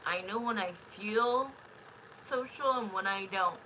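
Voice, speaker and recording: A woman's voice: mid-range voice, a little slow, sharp tone, a little hiss or hum, rough recording. A young woman doing tarot readings on a live stream, talking in a chatty, emotional way and often repeating herself. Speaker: tarot reader.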